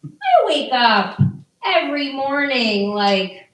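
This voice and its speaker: A middle-aged woman doing stand-up, firing off dry, deadpan one-liners in a high, lively voice. She takes her time between the jokes. The sound is heard from a distance in an echoey room. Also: takes it slowly. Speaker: stand-up comedian. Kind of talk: stand-up comedy set. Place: comedy venue before a live audience.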